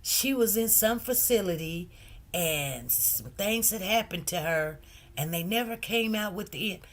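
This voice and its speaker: A woman talks slowly to her viewers, lingering on her words and repeating lines for emphasis. She speaks in in a casual storytelling style. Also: medium pitch, expressive. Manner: emphatic, repeats phrases, addresses viewers as "you guys". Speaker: commentary channel host.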